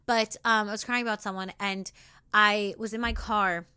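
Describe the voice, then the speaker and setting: A young woman hosting a spiritual self-help podcast, talking in an earnest, intimate way that moves between soft reflection and sassy encouragement. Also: medium pitch, steady tone, normal speed, clean tone, no echo. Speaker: podcast host.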